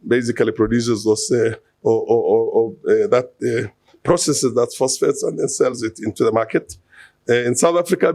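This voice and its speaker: A man's voice: mid-range voice, gravelly, darkish tone, no echo. A man giving an unscripted conference talk, hesitant, with many fillers and restarts, asking the audience rhetorical questions. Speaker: conference speaker.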